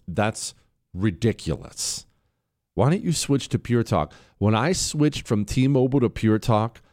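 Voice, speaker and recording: A man's voice: mid-range voice, darkish tone. Brash, laughing talk radio host man. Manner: brash, joking, laughs a lot. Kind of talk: talk radio hosting and live ad read.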